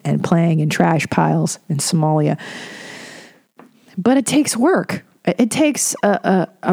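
A woman's voice: on the low side, creaky, warm tone. Candid, profane woman podcast host. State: tearful. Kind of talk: casual monologue.

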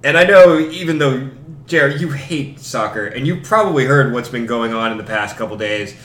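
A man co-hosting a casual sports podcast, talking in animated, swearing bursts. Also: medium pitch, normal speed. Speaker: podcast co-host. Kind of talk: casual sports chat over drinks. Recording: roomy echo with faint background noise.

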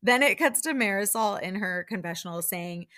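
A woman's voice: mid-range voice, animated, normal speed, pushed and bright, clean tone. A young woman hosting a podcast, casually recapping a reality show with lots of "like" fillers and acted-out quotes. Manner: chatty, many "like" fillers, acts out quotes.

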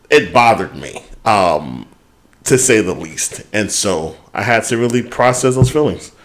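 With a lowish, somewhat bright voice, a man co-hosting a podcast casually recounts his week. He talks it through openly, swearing without holding back.

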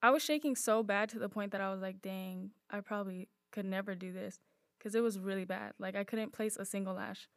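A woman's voice: mid-range voice, fairly even intonation, a little fast, no echo, studio quality. A young woman co-hosting a podcast, talking easily in casual chat with many fillers. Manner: easygoing, thoughtful, many "um" and "like" fillers. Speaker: podcast co-host.

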